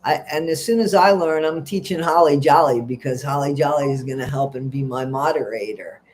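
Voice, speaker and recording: A man's voice: medium pitch, brisk, a little hiss or hum. A middle-aged man hosts a casual livestream, reading out viewer comments and gossiping in a rambling, chatty way. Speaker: livestream host.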